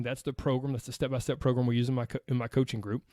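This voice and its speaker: A man's voice: mid-range voice, level tone, racing, few pauses, dark tone, no echo, studio quality. A man with a Southern US accent hosting a weight loss podcast, chatting casually and reading listener posts aloud with a friendly laugh.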